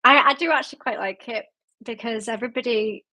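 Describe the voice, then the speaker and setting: On her casual book-chat livestream, this young Yorkshire-accented booktube host reads out comments from viewers and rambles easily through her answers, dropping plenty of "like" and "um." She speaks fairly quickly, with a voice on the high side.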